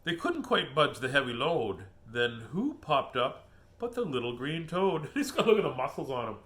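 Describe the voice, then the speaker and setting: A man's voice: mid-range voice, sing-song, moderate pace, a bit bright. A man hosting a casual storytime, reading children's books aloud with jokes and asides. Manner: playful, jokey, laughs at his own puns.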